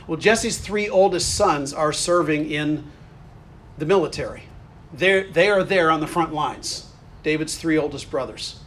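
High-voiced man preaching earnestly. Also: a little slow. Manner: earnest, conversational preaching with bursts of animated energy. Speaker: pastor. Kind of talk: sermon.

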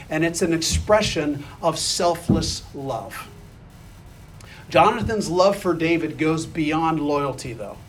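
A man with a fairly high voice preaches a conversational sermon, questioning his listeners and reading scripture aloud while acting out the quoted lines. There's slight background noise.

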